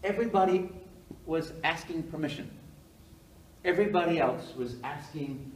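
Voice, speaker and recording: An older man tells stories at a live event, animated and rambling, slipping into quoted voices. His voice sits a little high for a man. The mic is far off, so the sound is distant and roomy with faint ambience. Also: moderate pace, pauses often, slight background noise. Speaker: guest speaker. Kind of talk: storytelling talk on stage.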